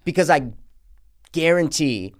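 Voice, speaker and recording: Animated man ranting about a movie. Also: a little high, unhurried. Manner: animated, profane, acts out scenes in quoted voices. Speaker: podcast co-host. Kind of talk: casual movie review chat.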